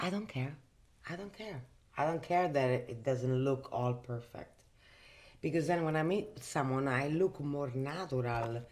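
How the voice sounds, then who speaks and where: A woman's voice: rumbling low, darkish tone. Chatty Italian-accented woman vlogging. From Italy. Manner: chatty and emphatic, many fillers. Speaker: host. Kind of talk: casual makeup vlog chat. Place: bedroom.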